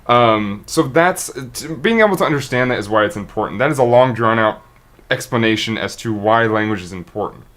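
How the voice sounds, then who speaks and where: Male streamer, off-the-cuff monologue, earnest and rambling, stumbles and restarts, mid-pitched voice. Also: lively intonation, fairly quick, fairly bright tone. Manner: rambling, earnest, restarts and trips over words. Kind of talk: unscripted monologue to camera.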